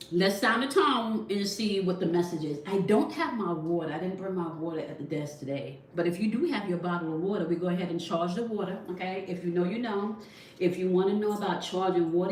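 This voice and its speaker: A tarot reader speaks to her viewers from a desk indoors, explaining each point of the reading and checking in with "okay?" as she goes. The room is echoey, the mic sits at a distance, and a faint rumble runs underneath.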